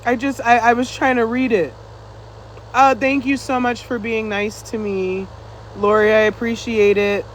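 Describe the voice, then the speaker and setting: High-voiced man chatting on a live stream. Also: fairly even intonation, normal speed, a little hiss or hum, low-quality recording. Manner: chatty, laughing, teasing viewers back. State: winded. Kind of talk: casual live-stream chat reading comments.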